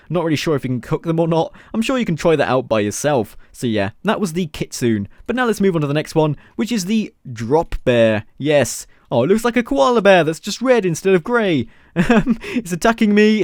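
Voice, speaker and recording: A young man giving casual, chatty gameplay commentary as a video host, excitable and laughing often. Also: fairly high pitch, no room sound, clean studio sound. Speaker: gaming YouTuber.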